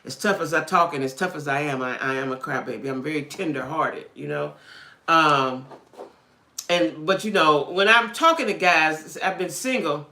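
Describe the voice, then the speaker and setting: Woman on a livestream, frank streetwise talk, bright tone, echoey room. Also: low-pitched, moderate pace. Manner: frank, streetwise, keeps asking "right?" and "you know what I'm saying?". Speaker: livestream host chatting with viewers. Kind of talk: casual live chat about dating.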